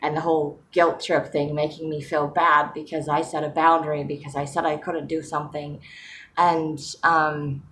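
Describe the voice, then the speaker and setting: A woman with a low voice talks to the camera in a relaxed, rambling way. She fills her sentences with ums and breaks into soft laughs as she goes. A faint hiss runs under the recording. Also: moderate pace. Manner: chatty and rambling, with frequent fillers and soft laughs. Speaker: vlogger. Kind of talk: casual personal vlog.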